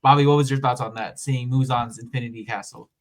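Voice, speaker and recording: A man hosting a casual podcast, chatting and recapping scenes in an animated way, often laughing as he retells them. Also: mid-range voice, quick pace. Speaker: podcast host.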